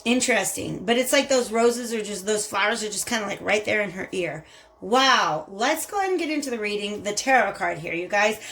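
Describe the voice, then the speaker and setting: A woman's voice: mid-range voice, animated, fairly quick, a bit bright. A woman with a Southern US accent giving a chatty, effusive tarot reading and talking straight to her viewers. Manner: chatty and effusive, addresses viewers as "you guys". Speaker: tarot reader. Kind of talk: casual spiritual tarot reading.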